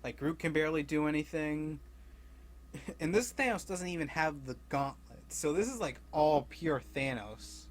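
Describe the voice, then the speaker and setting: A man's voice: fairly high pitch, moderate pace. Rambling young man recapping comics. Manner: rambling, laughs often, acts out characters' lines loosely. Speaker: comic book recap creator.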